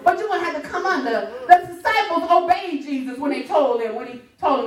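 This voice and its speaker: A woman preaching a sermon, lively and laughing, calling out to the congregation and breaking into half-sung lines. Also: high voice, brisk. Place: church sanctuary. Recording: roomy church sound from a distance. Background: congregation responding.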